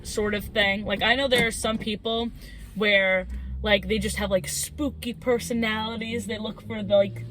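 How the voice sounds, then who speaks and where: A young woman co-hosting a podcast, telling a spooky story in casual chat, animated and giggly as she acts out the quotes. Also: medium pitch, moderate pace, slight background noise. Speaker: podcast co-host.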